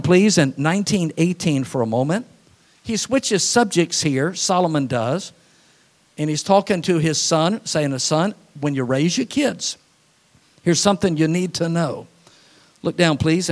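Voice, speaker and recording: Man preaching, pastor, folksy delivery, slightly high voice, quick asides. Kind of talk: sermon.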